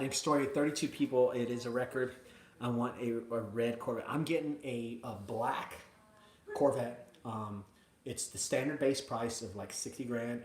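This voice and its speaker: A man hosting a live video from his mother's house, chatting casually and excitedly to viewers, rambling between hype and emotion. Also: mid-range voice, reverberant. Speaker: junk removal business owner hosting a live video.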